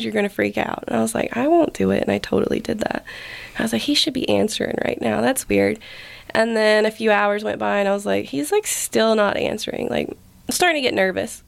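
A woman of middle pitch whose voice sits deep in vocal fry and grit. She tells her personal story to an interviewer in loose, chatty speech. She keeps slipping into the quoted words of the people around her. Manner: casual, filler-heavy, acts out quoted speech. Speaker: podcast guest.

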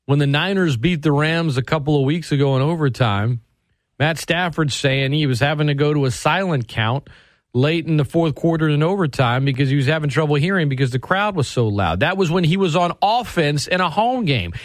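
A male sports radio host with a very lively, swooping delivery, sarcastic and opinionated. He speaks close to a studio mic in a dry, dead room with no reverb. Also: fairly quick. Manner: animated, sarcastic, swings pitch for emphasis.

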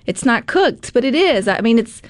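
A woman hosting a casual cooking segment, chatty and animated, with frequent filler words. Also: fairly high pitch, normal speed, dry recording, clean studio sound. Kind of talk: casual cooking demo chat.

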